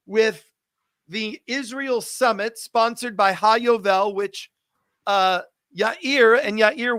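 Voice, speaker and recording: A man with a high voice hosts a live stream and makes urgent, pleading appeals to viewers. He repeats his calls to action. The sound is dry and close. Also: drawn-out words, a bit bright, clean tone, no room sound.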